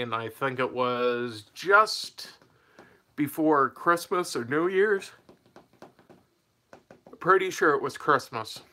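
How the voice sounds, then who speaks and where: A man's voice: mid-range voice, pushed and bright. A young man telling a personal story in a casual, rambling way, laughing mid-sentence and losing his train of thought.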